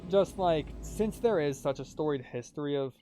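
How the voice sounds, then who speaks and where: A man's voice: fairly high pitch, lively intonation, normal speed. A tired man doing casual game commentary, rambling with lots of fillers. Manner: rambling, filler-heavy, talkative. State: tired, yawning. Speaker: let's-play commentator. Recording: faint game music behind.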